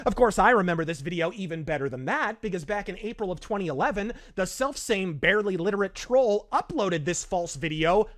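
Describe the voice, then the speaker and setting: A man's voice: sits high, lively intonation, fairly quick, few pauses, a bit bright. A man delivering scripted, sardonic commentary with wordy, theatrical phrasing. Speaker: online commentator in a played video.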